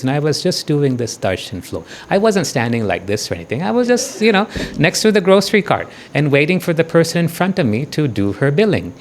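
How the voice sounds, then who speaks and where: A man giving a devotional talk and guided meditation, speaking gently and often checking in with listeners. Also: mid-range voice, a little hiss or hum. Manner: slow, soothing meditation guidance. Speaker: spiritual teacher.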